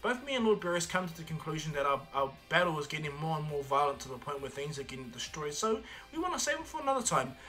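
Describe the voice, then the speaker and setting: A man voicing an eager, cheerful young male fighter in a casual fan story retelling, sounding excited and upbeat. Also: on the high side, fast talker, few pauses, soft background music.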